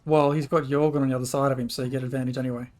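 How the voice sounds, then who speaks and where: A man running a tabletop game as game master over an online call, relaxed and laughing along with his players. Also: medium pitch, racing.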